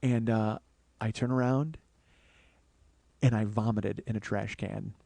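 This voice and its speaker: A man's voice: on the low side, fairly even intonation, a little slow, gravelly, dark tone. A man hosting a comedy podcast, telling a rambling, profane, self-mocking personal story.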